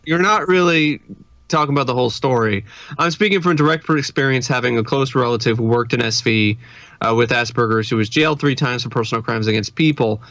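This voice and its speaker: A man's voice: mid-range voice, a little fast, fairly bright tone, no echo. A man co-hosting a podcast in casual chat, laughing often. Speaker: podcast co-host.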